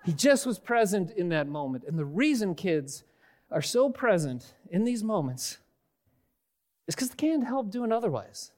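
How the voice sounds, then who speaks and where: A man preaching a conversational sermon on a church stage, animated and casual, often repeating words as he restarts. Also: high voice, normal speed. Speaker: pastor. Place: church stage before a congregation.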